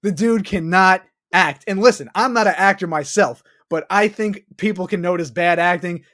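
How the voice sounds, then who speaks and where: A man's voice: sits high, moderate pace. A man co-hosting a podcast, ranting about a movie in casual chat, swearing often. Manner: profane, ranting, animated. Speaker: podcast co-host.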